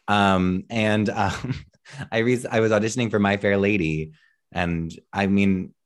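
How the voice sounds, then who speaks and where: A man's voice: lowish voice, steady tone, a little slow. A man, a musician and actor, telling stories as a podcast guest in an earnest, self-deprecating way. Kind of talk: casual interview chat.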